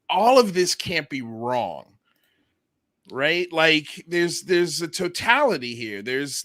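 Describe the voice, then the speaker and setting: A man's voice: fairly high pitch, fairly bright tone. A man hosting a livestream show, chatting in an effusive, enthusiastic and playful way. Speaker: podcast host. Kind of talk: casual livestream chat.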